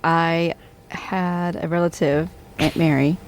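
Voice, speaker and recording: A woman's voice: mid-range voice, normal speed, noisy background. A young woman co-hosting a student podcast, telling a story and often breaking into giggles. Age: young adult. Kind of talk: casual chat.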